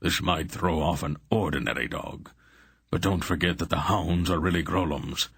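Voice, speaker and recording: A calm, gruff old sorcerer of an audiobook, read by a man. He talks in a low, husky voice, measured and matter-of-fact, close and dry. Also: no echo, full character voice.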